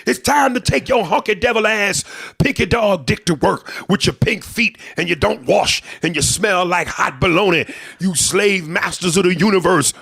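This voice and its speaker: A man putting on a furious male street preacher who shouts out hammering insults. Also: sits high, normal speed, vocal fry, few pauses, breathy edge, voice pushed up, full character voice. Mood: ranting.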